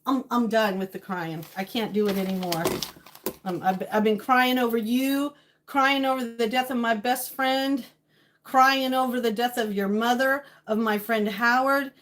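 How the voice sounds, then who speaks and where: A woman live-streaming from her home kitchen, greeting viewers by name and talking through her feelings in casual chat. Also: fairly high pitch. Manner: talks to chat viewers by name, emotional and venting.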